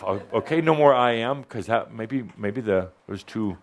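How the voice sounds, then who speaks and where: A man's voice: fairly low pitch, normal speed. A man giving a channeled spiritual talk to a live audience, playful and blunt in a teasing way.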